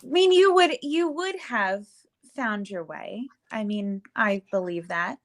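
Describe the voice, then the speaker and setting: Slow-talking woman hosting an interview. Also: fairly high pitch. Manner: warm, affirming reactions. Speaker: host. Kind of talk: interview chat.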